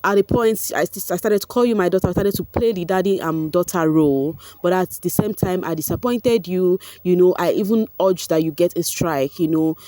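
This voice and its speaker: A woman's voice: on the low side, fairly quick, few pauses, warm tone, no room sound. A young Nigerian woman with a Nigerian accent giving casual, chatty commentary, mixing in Pidgin phrases and laughing often. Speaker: vlogger recapping a reality show.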